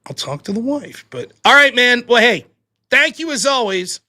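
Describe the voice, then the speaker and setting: A man's voice: extremely high pitch, very animated, normal speed, sharp tone. A man with a Pittsburgh accent hosting a call-in show, chatting casually and swearing freely. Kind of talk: casual chat.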